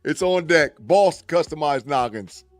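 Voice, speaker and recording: A man co-hosting a live sports podcast, excitable and jokingly melodramatic, talking over a call. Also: fairly high pitch, measured pace, faint music behind. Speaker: podcast co-host. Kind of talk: casual sports chat.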